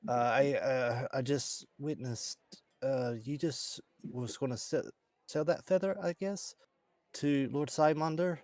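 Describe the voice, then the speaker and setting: A man playing a tabletop role-playing game, speaking in character in a hesitant, halting way. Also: medium pitch, a little mellow, no room sound. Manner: hesitant, halting, full of fillers. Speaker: player.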